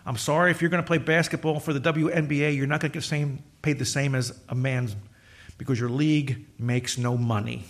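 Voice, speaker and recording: A man's voice: mid-range voice, steady tone, fairly quick. A middle-aged male pastor preaching a sermon in a conversational, joking storytelling way, acting out quoted voices.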